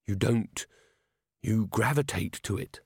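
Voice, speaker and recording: A man voicing a steady young female watch officer in an audiobook, level and matter-of-fact. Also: fairly low pitch, slow, vocal fry, husky, no echo, studio quality, exaggerated voice. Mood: firm. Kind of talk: audiobook character voice.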